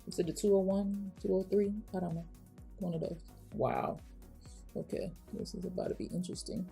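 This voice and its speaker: A woman's voice: deep voice, a little mellow, slightly rough. A young woman chatting casually as she does her makeup on camera, rambling with many restarts. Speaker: beauty YouTuber. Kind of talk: casual get-ready-with-me chat.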